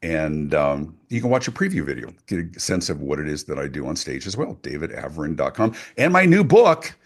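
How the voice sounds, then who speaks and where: Deep, lively man pitching himself. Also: a little fast. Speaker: guest speaker and author. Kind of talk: animated interview talk.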